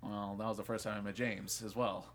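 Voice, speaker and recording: A young man co-hosting a podcast tells a story in a casual chat, animated and swearing, acting out the voices of people in it. His voice is on the low side and a little fast, with slight background noise.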